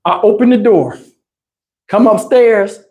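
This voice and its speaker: A man telling a story on a live stream, animated and profane with laughing asides. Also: sits high, takes it slowly. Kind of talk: casual storytelling. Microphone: wireless lapel mic.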